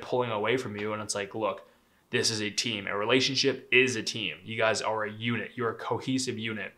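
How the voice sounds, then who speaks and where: A man's voice: mid-range voice, fairly bright tone. A young man giving relationship advice in a casual, candid monologue, swearing freely, laughing lightly mid-sentence and tossing in "right?" asides.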